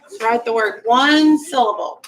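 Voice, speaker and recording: Slow, bright-voiced woman teaching phonics. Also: fairly high pitch, low-quality recording. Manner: patient, clear, drawn-out instructional speech. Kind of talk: classroom phonics lesson. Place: classroom.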